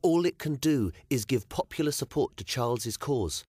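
A man's voice: mid-range voice, expressive, moderate pace, a little mellow, husky, no room sound, clean studio sound, voice pushed up. A male audiobook narrator voicing a proud, blunt young medieval queen who speaks firmly and plainly. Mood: defiant. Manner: firm, commanding, matter-of-fact. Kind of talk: audiobook character voice.

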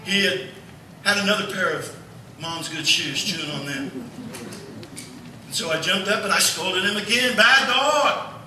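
A male pastor preaching a sermon, telling a family story in a folksy, animated way. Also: high-pitched, normal speed, noisy background. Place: church sanctuary. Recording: echoey church hall from far off.

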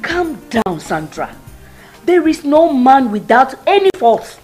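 A calm Nigerian mother giving advice. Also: sits high, slow pace, faint music behind, full character voice, rough recording. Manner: steady, calming, advising. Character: bride's middle-aged mother, calm and counseling.

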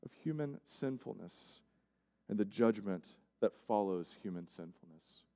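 A male pastor preaching a sermon, swinging between loud emphatic lines and hushed, quiet passages. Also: lowish voice, animated, measured pace, vocal fry. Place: church sanctuary. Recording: church sanctuary with long reverb.

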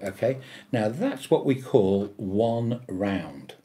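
A man leads a tapping lesson in a lively, swooping voice, his pitch rising and falling a great deal. He speaks emphatically, leans hard on the phrases he repeats, and keeps pausing to check that his listeners are following. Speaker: tapping therapy teacher. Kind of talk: instructional demonstration.

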